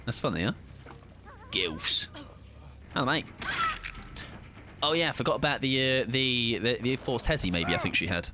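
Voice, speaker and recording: Lively, jokey man streaming. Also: mid-range voice, normal speed, pauses often, background noise. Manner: playful, chatty, jokey asides. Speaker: game streamer. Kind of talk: casual live-stream commentary.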